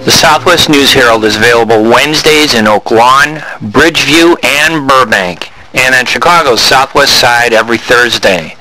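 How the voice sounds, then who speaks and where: A male announcer reading a recorded ad, listing places and items in a measured, even way. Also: medium pitch, low-quality recording. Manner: measured, evenly paced listing. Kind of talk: recorded ad read.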